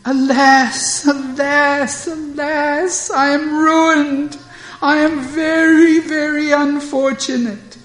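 A woman doing a wailing old woman, high and theatrical, crying out her grief. The lines come slowly, with echo and faint music around her.

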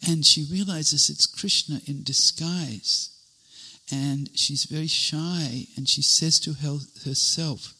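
A man tells a devotional story in an animated, chain-linked way, his voice husky and slightly raised. The tone is bright and tense. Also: fairly high pitch, takes it slowly, rough recording. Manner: animated retelling with many "and then"s.

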